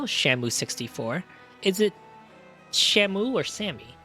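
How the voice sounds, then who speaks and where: A man on a casual livestream, cracking crude jokes and swearing freely. His pitch jumps around a great deal as he talks. Faint music plays underneath him. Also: lively intonation, a little fast, bright, forceful tone. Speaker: streamer.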